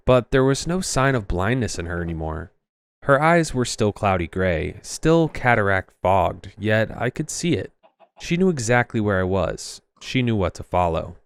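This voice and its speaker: Man narrating horror, smooth and low. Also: no room sound. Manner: tense, suspenseful reading with voiced dialogue. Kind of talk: first-person horror story narration.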